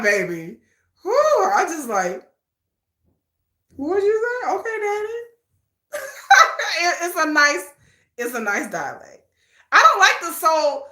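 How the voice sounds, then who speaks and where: Animated woman chatting on a livestream. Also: a little high, echoey room. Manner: chatty, animated, laughs often, addresses chat as y'all. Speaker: livestream host. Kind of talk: casual livestream chat.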